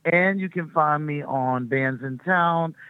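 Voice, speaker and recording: A woman's voice: low-pitched, slow pace, smooth, dry recording. A woman musician interviewed over the phone, speaking effusively and gratefully. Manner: effusive and grateful, laughs often. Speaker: recording artist guest. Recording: tinny phone line.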